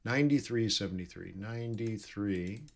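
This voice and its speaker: A man's voice: fairly low pitch, moderate pace, gravelly. A man giving live trading commentary, thinking aloud and correcting himself as he reads numbers off charts. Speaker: forex trading streamer.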